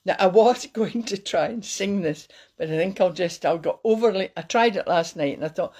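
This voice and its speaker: A woman giving a light, cheeky talk to her viewers and slowing down to recite verse. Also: lowish voice, a little mellow. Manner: cheeky, playful, slows down to recite. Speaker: host giving a Burns Supper talk. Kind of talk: casual talk with poetry recitation.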